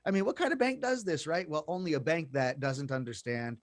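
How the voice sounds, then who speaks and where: A man's voice: a little high, a little fast, dry recording, clean studio sound. A male host explaining investing to his listeners in a chatty way, often repeating words and calling the audience "folks.".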